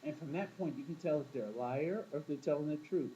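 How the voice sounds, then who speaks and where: A man's voice: on the high side, fast, dark tone, dull audio, slight background noise. A man teaching a class in a casual, storytelling way, often asking the room questions and acting out quoted voices. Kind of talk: classroom talk to students.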